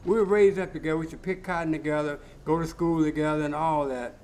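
An older cowboy tells his life story in a laid-back, colloquial interview, acting out the voices of people he quotes. His voice is a little high and darkish, fairly even in intonation and quick, with slight hiss or hum in the recording.

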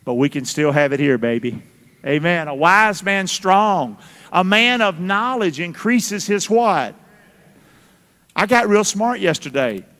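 A man's voice: high voice, animated, unhurried, pushed and bright. A male pastor preaching a sermon with call-and-response, folksy and teasing with his congregation. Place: church sanctuary. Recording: church hall reverb.

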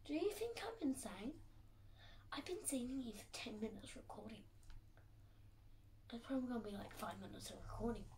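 Aussie teen girl vlogging while she cleans her room, talks fast, whispers a bit, phone mic a way off, hissy. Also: a little high. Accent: Australian. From Australia. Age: teens. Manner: rambling, fast, self-mocking, often drops to a whisper. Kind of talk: casual chatty vlog while tidying her room. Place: bedroom. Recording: distant phone mic with background hiss.

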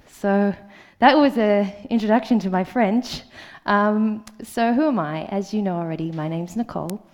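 A woman's voice: medium pitch, moderate pace, a little mellow. A woman in her thirties with an Australian accent, giving a conference talk in a hesitant way with many ums. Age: 30s. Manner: hesitant, with frequent ums and uhs. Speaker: conference speaker. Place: conference hall.

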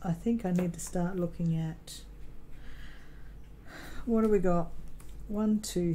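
An Australian woman chats at her craft desk at home, her voice sitting a little low. She rambles through a personal story, full of ums, restarts and corrections. A faint hiss hangs behind her. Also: slow, pauses often, mellow, low-quality recording. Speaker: crafting vlogger. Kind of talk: casual chat while crafting.

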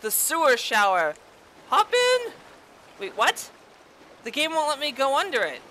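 Sharp, high-voiced woman, let's-play host, foul-mouthed and sarcastic, yelps at jump scares. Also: big pitch swings, moderate pace, a little hiss or hum. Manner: profane, sarcastic running commentary; loud startled outbursts and taunting. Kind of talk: casual gameplay commentary.

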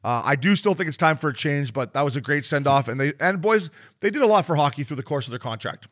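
A man's voice: on the high side, lively intonation, quick pace, a bit bright. A man in his thirties co-hosting a sports podcast, telling profane stories and retelling quotes in other voices. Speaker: podcast co-host. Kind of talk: casual sports chat.

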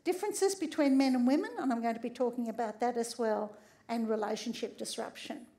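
High-voiced woman giving a lively talk. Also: brisk. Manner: lively storyteller, keeps checking in with "all right?". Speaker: sex therapist and doctor. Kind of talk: humorous public talk.

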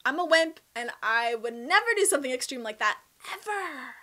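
A young Canadian woman with a Canadian accent, chatting in a casual question-and-answer vlog, bubbly and expressive. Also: high voice, normal speed. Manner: bubbly, chatty and expressive, with laughs and emphatic swings. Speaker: vlogger.

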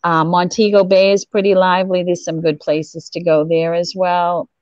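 A woman's voice: on the low side, flat delivery, moderate pace, a little mellow, no echo. A middle-aged woman from Eastern Massachusetts with a Boston accent, chatting enthusiastically as an interview guest over lo-fi audio. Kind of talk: casual interview chat.

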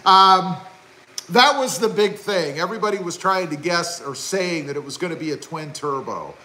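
A middle-aged man hosting a live stream, chatting with viewers and reading their comments aloud in an excitable, chatty way. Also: sits high, normal speed, poor audio. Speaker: YouTube car channel host.

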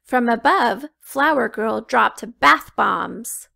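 Slow gravelly woman reading aloud. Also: a little high. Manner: expressive, slow storytelling. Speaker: children's book reader. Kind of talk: storybook read-aloud.

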